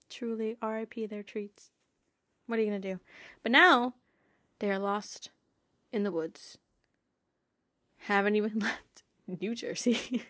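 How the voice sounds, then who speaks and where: A woman's voice: fairly high pitch, fairly bright tone, no room sound, clean studio sound. A young woman hosting a podcast, chatting casually and enthusiastically, laughing often. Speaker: podcast host. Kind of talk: casual chat.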